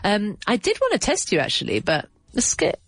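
A woman hosting a casual live English lesson, sounding congested from a cold, chatty and teasing and quick to laugh. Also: mid-range voice, wildly swooping pitch, vocal fry, no echo, soft background music. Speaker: English teacher and show host.

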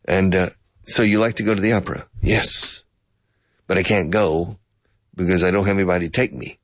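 This playful English lesson comes from a man who plays both parties in a dialogue, shifting his pitch, and drops in some Spanish to explain phrases. His tone is steady and his pace brisk, captured in a dry, clean studio recording.

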